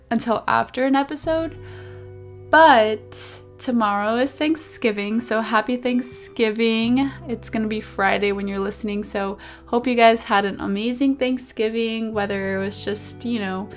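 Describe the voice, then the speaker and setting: A young woman hosts her own podcast from a chair indoors, speaking into a close mic. Her voice sits a little high, and she talks in a chatty, rambling, animated way, with faint music underneath. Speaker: podcast host. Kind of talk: casual solo podcast talk.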